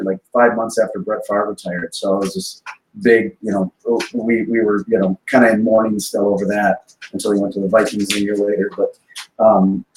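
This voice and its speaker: Man from wisconsin, rambling storyteller, distant echoey call, faint noise. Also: fairly low pitch. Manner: rambling storyteller, many restarts. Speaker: podcast guest. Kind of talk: casual chat.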